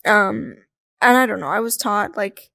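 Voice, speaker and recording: A young adult woman speaking as a podcast guest, telling stories in a candid, jokey, animated way. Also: mid-range voice, measured pace, creaky, dry recording, clean studio sound. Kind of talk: casual interview chat.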